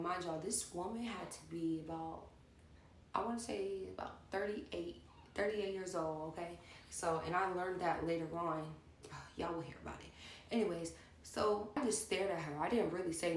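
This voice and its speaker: A young woman telling a personal story to her viewers in a chatty, animated way, turning to the audience again and again, recorded at home. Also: lowish voice, normal speed, echoey room, a little hiss or hum. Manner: animated and chatty, keeps addressing the audience directly. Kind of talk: storytime vlog. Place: at home indoors.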